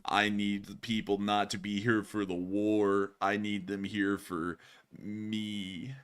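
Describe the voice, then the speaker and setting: A man putting on the voice of a laid-back, drowsy stoner who mumbles in a slow, low drawl. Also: little pitch movement, fairly bright tone, smooth. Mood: dreamy. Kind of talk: live-stream war commentary.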